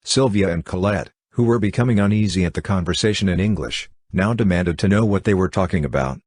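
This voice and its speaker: A man reading a classic novel aloud as an audiobook narrator, in an even, measured way. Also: sits low, dry recording, studio quality. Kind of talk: scripted narration.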